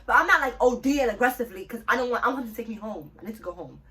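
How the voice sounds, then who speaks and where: A young woman from New City, telling a story in a casual, animated and profane way. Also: fairly high pitch, racing, far from the mic. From New York City. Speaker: storytime vlogger.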